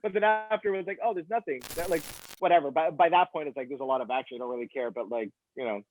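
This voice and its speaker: A man's voice: fairly high pitch, racing, slight background noise. A young man co-hosting a casual movie review chat, often stammering and repeating his words. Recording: dry, phone-like sound.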